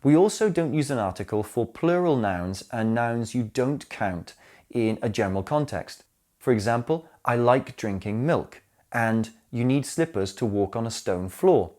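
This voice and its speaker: A man narrating a scripted English grammar lesson, explaining slowly and clearly and speaking his examples aloud. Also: medium pitch, lively intonation, darkish tone. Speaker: English teacher.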